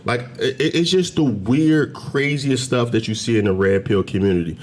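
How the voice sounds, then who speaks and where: A man talking straight to the camera in a commentary video, emphatic and preachy, climbing to loud, heated peaks as he argues. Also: mid-range voice, moderate pace, slight background noise. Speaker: commentary channel host. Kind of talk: direct-to-camera commentary rant. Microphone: camera mic, facing camera.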